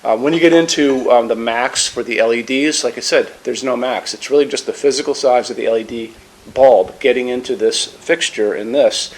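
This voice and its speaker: A man's voice: mid-range voice, moderate pace. A man from the United States presenting a lamp in a casual, enthusiastic way, with many fillers and restarts. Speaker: lighting store presenter. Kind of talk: product demonstration.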